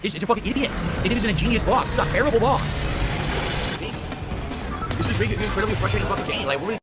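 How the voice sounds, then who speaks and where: High, fast, ranting profane gamer man. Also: expressive. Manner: ranting, heavily profane, complaining. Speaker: streamer playing a game. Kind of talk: live gameplay commentary. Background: loud game music.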